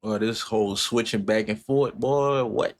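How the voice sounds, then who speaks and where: On the low side and measured in pace, a tipsy man hosts a music reaction with announcer-style greetings. His talk is casual and rambling, full of repeats, restarts and loose slang.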